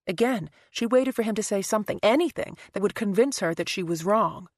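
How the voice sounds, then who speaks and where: A woman narrating a thriller audiobook in a steady, even storytelling manner. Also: medium pitch, brisk, no room sound, clean studio sound. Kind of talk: scripted narration.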